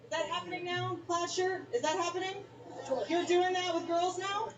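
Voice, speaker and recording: A woman doing stand-up who fires off sarcastic, mocking questions in a high, lively voice. She sounds far from the mic in an echoing space. Loud background noise runs under her. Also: moderate pace. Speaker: stand-up comedian. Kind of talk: stand-up comedy. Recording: distant, echoey, noisy.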